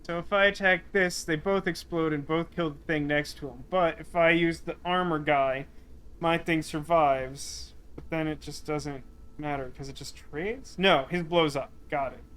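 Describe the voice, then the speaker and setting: Bright-voiced man muttering through a game. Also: on the high side, fairly even intonation, a little slow, clean tone. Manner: thinks aloud, mutters to himself. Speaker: streamer. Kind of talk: casual gameplay commentary.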